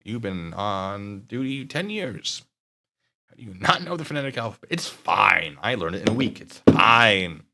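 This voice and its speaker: A man's voice: lowish voice, big pitch swings, moderate pace, vocal fry, bright, forceful tone, slight background noise. A man hosting a stream, chatting casually with his viewers in a rambling, joking way. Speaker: streamer and video host. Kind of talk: casual chat to live chat.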